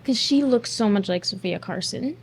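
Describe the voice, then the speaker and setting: A woman's voice: medium pitch, animated, normal speed, slight background noise. A woman hosting a casual movie reaction, blunt and snarky, swearing freely.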